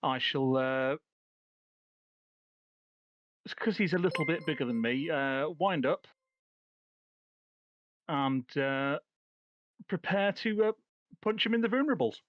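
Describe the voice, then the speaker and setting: A man playing in an online tabletop game, dry and wry, pausing with fillers as he decides his moves. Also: mid-range voice, no echo, highs cut off. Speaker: player.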